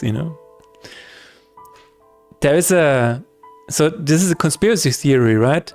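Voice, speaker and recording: A man's voice: medium pitch, expressive, a little slow, pauses often, soft background music. A man streaming his game-development work who chats casually, jokes and rambles through asides, laughing often. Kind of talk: casual live-stream chat while coding.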